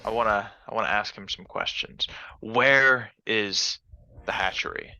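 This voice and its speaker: A man playing a tabletop game, talking in a relaxed, hesitant way. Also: fairly low pitch, unhurried, lo-fi sound, soft background music. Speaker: player. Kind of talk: casual tabletop play.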